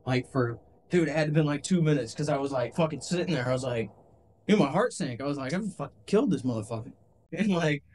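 A young male soldier telling combat stories, profane and animated, recorded on a handheld camcorder. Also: on the high side, a little fast, a little hiss or hum. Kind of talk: casual war story.

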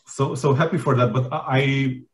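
A man's voice: mid-range voice, fairly even intonation, normal speed, a little hiss or hum. Guy hosting a tech conference on a video call, lots of uhs and restarts, chuckles a lot. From Romania. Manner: hesitant, many fillers and restarts, laughs easily. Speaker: conference host. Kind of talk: casual conference introduction.

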